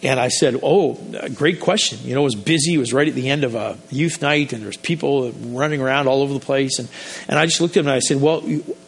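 A man's voice: medium pitch, quick pace, vocal fry, slightly rough. A man pastor preaching a sermon in a conversational, storytelling way, often restarting his sentences.

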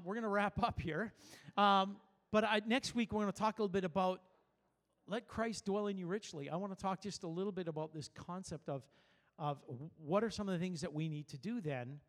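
A male pastor preaching to his church, talking in a conversational way with personal stories and frequent restarts. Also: high voice. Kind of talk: sermon. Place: church service.

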